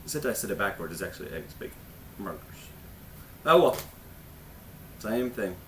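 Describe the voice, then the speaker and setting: A man's voice: lowish voice, sing-song, moderate pace, slight background noise. A man hosting a casual health vlog, talking in an awkward, self-mocking way with rambling, jokey asides. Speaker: host of a health ministry channel.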